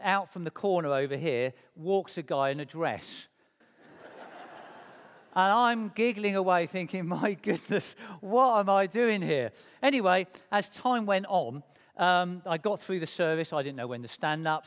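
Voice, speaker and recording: A man telling his life story to a church congregation in a lively, self-mocking way, acting out the dialogue. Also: high voice. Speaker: speaker sharing his testimony to a church congregation. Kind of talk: personal storytelling. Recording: long reverb of a church hall.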